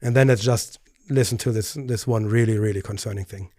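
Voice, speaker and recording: A man with a lowish, mellow voice and fairly even intonation speaks a little fast. He's a pastor hosting his own video, commenting on clips earnestly, often stammering and restarting, his voice rising when he gets indignant. The recording is dry and close, without room sound.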